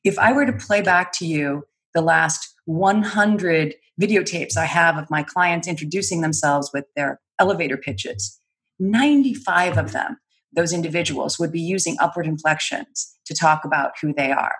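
A woman with a fairly low-pitched voice speaks as a guest in an interview. She explains points in an articulate, measured way and laughs easily between them. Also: fairly bright tone. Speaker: guest, speech and credibility trainer. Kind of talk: interview answers.

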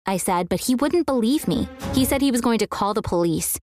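A woman's voice: a little high, animated, fairly quick, darkish tone, no room sound, faint music behind. A young woman reading a scripted first-person story in an earnest way, now and then acting out the quoted lines.

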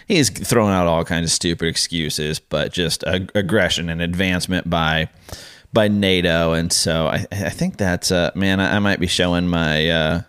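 A podcast co-host rambles through a casual chat, full of fillers and restarts. His deep voice is a bit bright, clear and resonant. The sound is studio quality with no echo.

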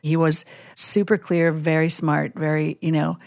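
A woman chaplain telling a vivid story in a casual podcast chat, animated and full of "like" and "you know". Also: low-pitched, measured pace, creaky.

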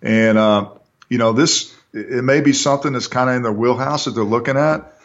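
A man's voice: medium pitch, a little fast. A man co-hosting a casual sports talk show, easygoing and thinking aloud as he talks. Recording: dull lo-fi sound.

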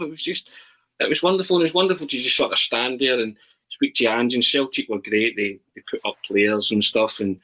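Husky, bright-voiced man telling stories. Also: mid-range voice, rough recording. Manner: animated, halting anecdote-telling with many restarts. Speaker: podcast guest. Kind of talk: casual storytelling.

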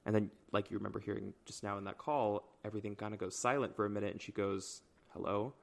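A man co-hosting a true-crime podcast, chatting casually and reading out call captions slowly. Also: on the low side, little pitch movement, vocal fry. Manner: laid-back, reads captions aloud slowly. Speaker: podcast co-host.

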